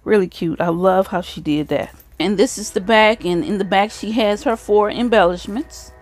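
A woman's voice: medium pitch, moderate pace. A woman hosting a casual craft video, showing swap items and praising them again and again. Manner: gushing, repeats praise often.

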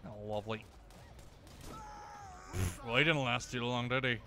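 A man commentating his own shooter gameplay, swearing often and breaking into loud shouts at enemies. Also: medium pitch, fairly even intonation, unhurried, slight background noise. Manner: profane, bursts into yelling at enemies. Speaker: gameplay streamer. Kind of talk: let's-play commentary.

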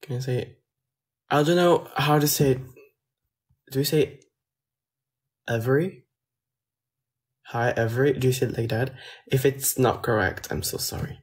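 A man's voice: mid-range voice, moderate pace, long pauses. A young man with a Belgian French accent, reading viewer comments aloud on a phone live stream and answering them casually in English and French.

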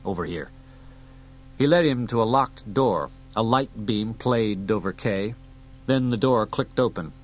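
A man reading an audiobook aloud in a steady storytelling delivery. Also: medium pitch, measured pace, poor audio. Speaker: audiobook reader. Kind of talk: audiobook narration.

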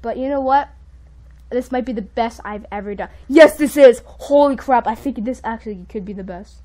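A woman giving excitable live commentary while playing a video game, jumping between panicked outbursts and quiet muttering. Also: a little high, moderate pace. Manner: says "dude" and "frick" a lot. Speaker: gaming video creator.

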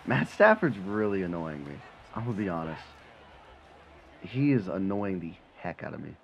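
A man giving live commentary on his own football video game, muttering one moment and shouting and swearing the next. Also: moderate pace, creaky, dull audio, slight background noise. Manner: swings from low mutter to excited yelling, swears when frustrated. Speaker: gaming channel host.

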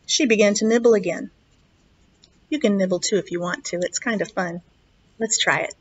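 A woman, a children's librarian, reading a story aloud at a virtual storytime in an expressive, slow, sing-song way. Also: mid-range voice. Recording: dull lo-fi online video recording.

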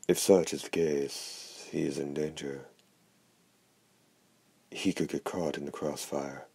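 A man's voice: very deep voice, steady tone, takes it slowly, vocal fry, a little mellow, breathy edge, heavily acted. A man reading the lines of a formal noble countess who speaks in stiff, old-fashioned phrasing. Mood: grave.

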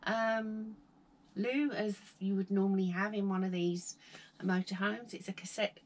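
A woman's voice: mid-range voice, fairly even intonation, measured pace. A woman, chatty and prone to giggling, chiming in during a casual tour of her motorhome, recorded inside the van. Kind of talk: casual video walkthrough.

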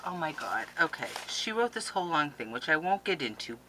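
A woman in her forties talks to her viewers in a low voice with a bright, forceful edge. Her pitch swings widely as she exclaims over the mail she opens. The talk is casual and effusive, recorded on a camera mic at home. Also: big pitch swings, moderate pace, poor audio. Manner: effusive, emotional, exclaims often. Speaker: vlogger opening mail from viewers. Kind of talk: casual chat. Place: home craft room.

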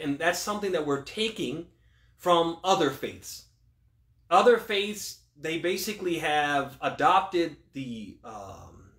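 A male imam gives a religious question-and-answer talk in an echoey room, posing rhetorical questions, answering them, and quickly quoting Arabic scripture. His voice is a little high and a bit bright.

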